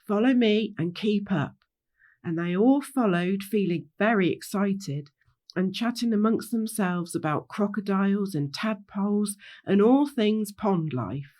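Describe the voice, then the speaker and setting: Expressive woman reading a children's story. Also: mid-range voice, measured pace.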